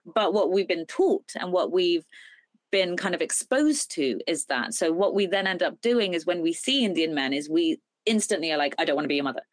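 A woman's voice: fairly low pitch, very animated, normal speed, no room sound. A woman guest on a podcast, talking thoughtfully in casual chat with many fillers like "like" and "you know". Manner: filler-heavy, thoughtful, lots of "like".

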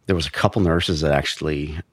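Deep-voiced male investigator, plain blunt storyteller, dry close sound. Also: slightly rough, no room sound. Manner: measured, blunt, with frequent restarts. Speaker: former investigator recounting a case. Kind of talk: true crime storytelling.

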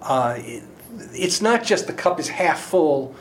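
A man's voice: fairly high pitch, sing-song, unhurried, slight background noise. A man on a Bible study panel, speaking earnestly and emphatically as he quotes scripture. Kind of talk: casual Bible discussion.

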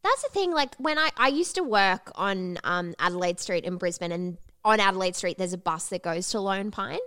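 A young woman co-hosting a podcast in brash casual chat, swearing freely and jumping up in pitch for effect. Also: expressive, moderate pace, sharp tone, dry recording. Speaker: podcast co-host.

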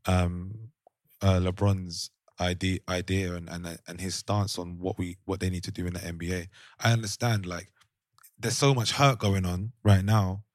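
This man's voice sits low with fairly even intonation, moving at a normal speed in a dry, clean studio recording. He's co-hosting a podcast, thinking aloud in a casual group discussion. Thoughtful, he often trails off mid-thought and restarts his sentences.

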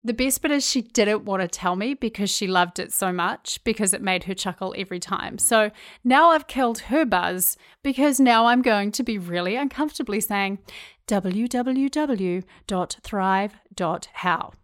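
A woman's voice: medium pitch, expressive, normal speed. A woman from New Zealand with a Kiwi accent, hosting her own podcast in a chatty, self-deprecating monologue. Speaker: podcast host. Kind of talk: casual solo podcast monologue.

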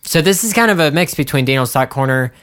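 A man's voice: a little high, expressive, fast, a bit bright, smooth. A man co-hosting a podcast in casual chat, rambling through his list with self-mocking jokes. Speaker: podcast co-host.

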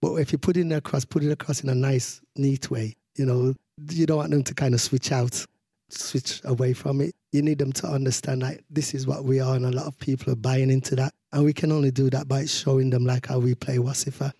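A man from Birmingham with a Brummie accent touched by Jamaican patois, talking in a relaxed, rambling way as an interview guest, laughing often and tagging his points with "you know". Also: medium pitch, fairly quick, slightly rough, no room sound, clean studio sound. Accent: Birmingham English with Jamaican patois influence. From Birmingham, England. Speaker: sound system founder, interview guest.

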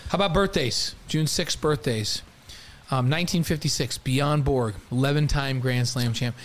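A man in his sixties co-hosting a casual sports chat, telling lively stories and breaking into song, heard through a headset mic. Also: medium pitch, normal speed. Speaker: co-host.

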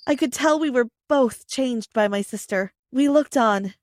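A woman's voice: a little high, a little slow. Young woman narrating a personal story. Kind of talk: scripted first-person narration. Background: faint background music.

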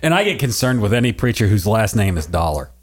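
A man's voice: lowish voice, very animated, fast. A man co-hosting a podcast, bantering and laughing easily as he asks questions. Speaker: podcast co-host. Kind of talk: casual podcast discussion.

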